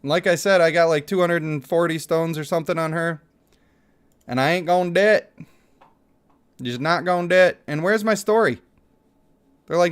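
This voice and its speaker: A young man hosts a casual gaming livestream. His voice sits a little high for a man, and he talks in an animated, chatty way, laughing often as he reads his chat aloud. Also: moderate pace, long pauses, smooth. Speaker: streamer.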